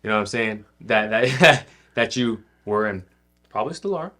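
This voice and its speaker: Bright-voiced, slangy podcast host. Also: male voice, lowish voice, expressive, moderate pace. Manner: laid-back, slangy, affirming. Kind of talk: casual podcast interview.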